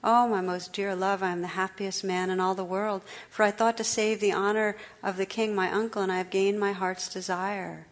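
A woman's voice: mid-range voice, flat delivery, moderate pace, hardly any pauses, natural voice. Woman voicing an earnest young knight. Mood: joyful.

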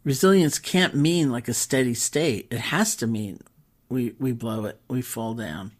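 A woman meditation teacher telling stories in a relaxed, conversational talk, with pauses and fillers. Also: a bass voice. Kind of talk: storytelling talk.

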